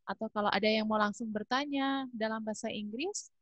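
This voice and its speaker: A woman's voice: fairly high pitch, steady tone, fast, fairly bright tone, no room sound, poor audio. Polite woman moderating a class. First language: Indonesian. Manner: polite, hesitant fillers. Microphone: video call.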